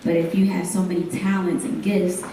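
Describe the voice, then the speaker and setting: A woman's voice: on the low side, flat delivery, normal speed, far from the mic, a little hiss or hum. Woman, young adult, spoken word poet, rhythmic refrains, call-and-response, heard from afar in a very echoey room. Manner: intense, rising into loud dramatic gasps and cries. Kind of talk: live spoken word poetry performance. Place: hotel event stage, live audience.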